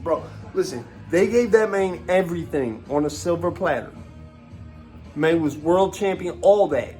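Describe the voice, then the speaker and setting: A man's voice: fairly high pitch, a little slow, a little mellow, faint music behind. A man, a former wrestler ranting casually on a podcast, profane and rambling with lots of fillers.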